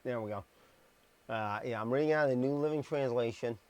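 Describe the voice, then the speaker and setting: Speaking into a streaming microphone, a man with a brisk, mid-range, darkish voice reads scripture for a live-streamed Bible message. He stresses words and throws in blunt, sarcastic asides.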